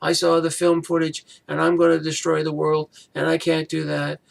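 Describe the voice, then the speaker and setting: A man doing a whiny, high-pitched young woman. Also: monotone, moderate pace, creaky, rough recording. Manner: whiny, pleading.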